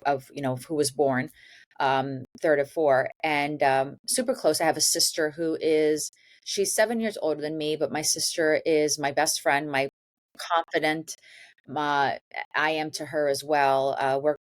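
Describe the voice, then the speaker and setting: A woman's voice: sits low, no room sound. A middle-aged woman chatting as an interview guest, gushing and bubbly, with lots of restarts and little laughs. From born in New York, raised in Ecuador and South Florida. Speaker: interview guest, dating coach. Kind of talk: casual interview chat.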